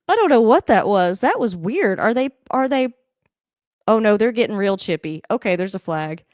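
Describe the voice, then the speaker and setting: A woman talking through a football game live from her home, rambling and chatty in a middle-pitched voice. She laughs often and jumps into sudden excited outbursts at the plays. The sound is dry and close. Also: normal speed, dry recording. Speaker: livestream host reacting to a football game. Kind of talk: casual live game reaction. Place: home room, moving around the camera.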